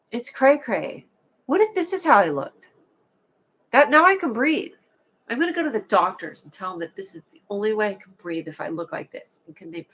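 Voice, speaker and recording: A woman's voice: medium pitch, slightly rough. A woman hosting a casual livestream chat, rambling playfully and answering viewers' comments. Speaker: livestream host. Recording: lo-fi, dull sound.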